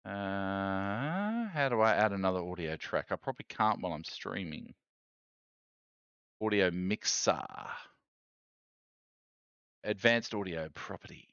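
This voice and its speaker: A man's voice: low-pitched, expressive, unhurried, pauses often, fairly bright tone, smooth, dry recording, highs cut off. A man streaming live, chatty and self-mocking, thinking aloud while he fiddles with his gear.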